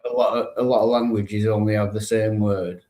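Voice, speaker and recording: A man's voice: lowish voice, little pitch movement, a little fast, mellow, echoey room. A man in casual conversation, agreeable and chatty. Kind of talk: casual chat.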